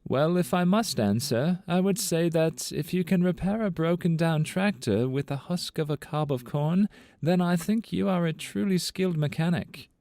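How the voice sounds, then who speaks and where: A man voicing a quiet, formal schoolboy with a British accent, who answers in a measured, overly polite way. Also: a little high, no room sound, voice pushed up, lightly acted. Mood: prim.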